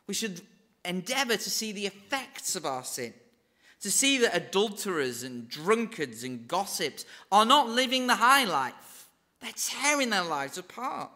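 Bright-voiced Northern English preacher. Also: male voice, sits high. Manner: earnest, conversational, with wry asides. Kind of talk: sermon.

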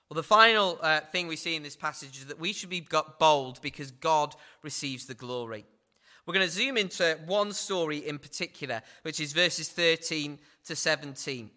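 A man's voice: on the high side, bright, forceful tone. A man preaching a sermon in a conversational way, often adding tag questions.

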